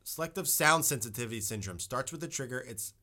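Bright-voiced young man in loose, profane podcast banter. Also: mid-range voice, lively intonation, fast talker. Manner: loose, joking, swears freely. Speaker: podcast co-host. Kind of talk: casual chat.

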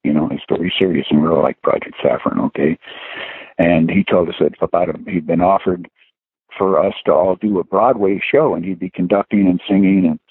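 A man's voice: low-pitched, steady tone, brisk, husky, no room sound. A man, a guest musician, telling rambling anecdotes in a casual interview, full of chuckles and "you know" fillers. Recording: dry tinny phone line.

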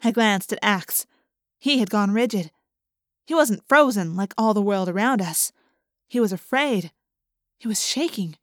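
A woman narrating an audiobook in the first person, vivid and expressive. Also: mid-range voice, unhurried, pauses often, no echo, studio quality.

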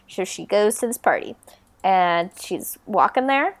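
A woman's voice: fairly low pitch, very animated, normal speed. A young woman co-hosting a podcast, casually recapping a movie with lots of ums and cheerful swearing. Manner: rambling, many ums, swears freely, mock voices for characters. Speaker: podcast co-host.

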